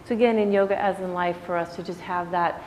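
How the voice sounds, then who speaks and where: A woman's voice: fairly low pitch, fairly even intonation, quick pace, a little mellow. A woman yoga teacher giving a casual, reflective talk to her class, conversational and full of "you know"s. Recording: echoey room with faint background noise.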